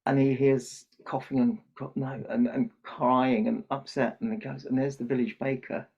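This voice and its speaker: A man's voice: medium pitch, level tone, normal speed, gravelly, breathy edge. An older man who works as Santa, telling a children's story in a podcast interview and acting out the characters' lines. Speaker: podcast guest, Santa performer. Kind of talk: storytelling in conversation. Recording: muffled lo-fi podcast audio.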